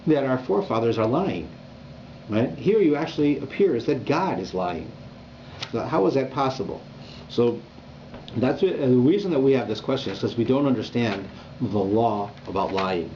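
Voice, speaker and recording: A rabbi teaching a Torah class in a conversational, animated way, often checking in with "right?". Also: male voice, medium pitch, normal speed. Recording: dull lo-fi recording with faint room noise.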